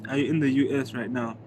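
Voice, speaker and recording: A man's voice: mid-range voice, creaky, background noise. A man from South Africa, a native Zulu speaker, chatting casually with viewers on a livestream in a slangy, laid-back way and thanking them by name. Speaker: livestreaming vlogger. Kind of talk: casual live-stream chat reading comments.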